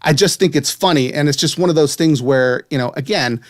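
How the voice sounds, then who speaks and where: A man's voice: on the high side, brisk, no echo, clean studio sound. A man from West Virginia co-hosting a podcast in casual chat, amused and spelling words out letter by letter. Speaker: podcast co-host.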